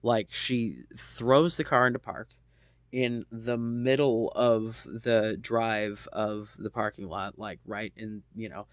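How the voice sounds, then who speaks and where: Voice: medium pitch, steady tone, slow pace, no room sound. An adult in their thirties casually telling a personal story, rambling with lots of ums and asides and swearing freely.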